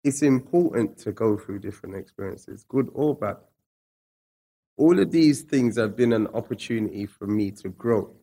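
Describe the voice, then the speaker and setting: A man with a fairly low voice talks through his story in a relaxed, slangy way. He turns reflective when drawing lessons from it, then livens up when he acts out scenes. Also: moderate pace, slightly rough. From England. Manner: slangy, reflective, animated when retelling stories. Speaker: guest. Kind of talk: casual storytelling interview.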